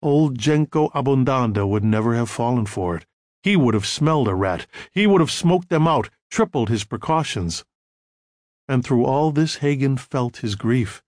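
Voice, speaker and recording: A man's voice: mid-range voice, animated, moderate pace, darkish tone, no room sound, studio quality. Grave male audiobook narrator.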